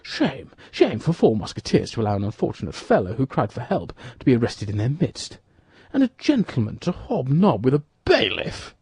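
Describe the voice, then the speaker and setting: A man's voice: medium pitch, wildly swooping pitch, moderate pace, darkish tone, husky, no room sound, clean studio sound, heavily acted. A man reading an audiobook, voicing a proud, blustering male musketeer who grumbles with contempt. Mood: indignant.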